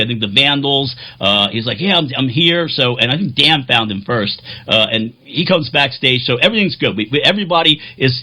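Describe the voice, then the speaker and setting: A man's voice: mid-range voice, sharp tone, slightly rough. A man who plays keyboards in a band, telling a rambling, jokey, self-deprecating vlog story.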